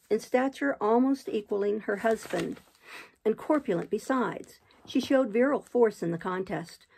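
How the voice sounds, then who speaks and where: Woman with a creaky voice reading aloud. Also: mid-range voice, dark tone. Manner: unpolished reading with occasional restarts. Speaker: audiobook reader. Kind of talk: reading a classic novel aloud.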